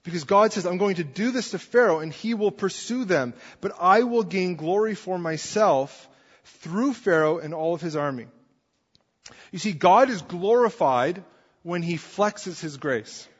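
A man's voice: high voice, animated, unhurried, husky. A man preaching a sermon in a conversational way, often checking in with his listeners. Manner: conversational, asks the congregation "right?" often. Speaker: pastor. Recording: dull sound with long hall reverb.

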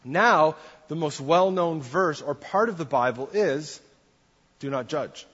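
A man's voice: on the high side, slow pace, a bit bright, breathy edge. A man giving a conversational sermon as a pastor, putting questions to his congregation. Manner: conversational, asks the audience questions. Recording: dull long-reverb church hall.

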